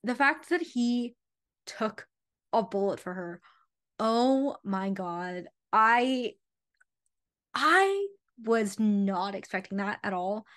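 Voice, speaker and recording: A woman's voice: fairly high pitch, animated, takes it slowly, long pauses, fairly bright tone. Gushing young woman reviewing a book. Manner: gushing, emotional. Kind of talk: casual book chat and reading aloud.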